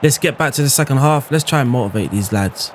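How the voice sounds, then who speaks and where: A man's voice: mid-range voice, expressive, fast, slight background noise. A man commentating on his own football game as a YouTuber, exclaiming and groaning at every chance. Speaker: gaming YouTuber.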